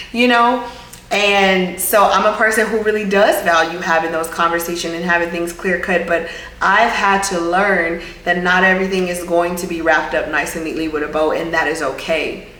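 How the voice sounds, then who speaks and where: A woman's voice: on the low side, a bit bright. A woman vlog host giving a casual, earnest motivational talk, often circling back to repeat her point. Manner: earnest, repetitive, reflective. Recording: roomy room with faint background hum.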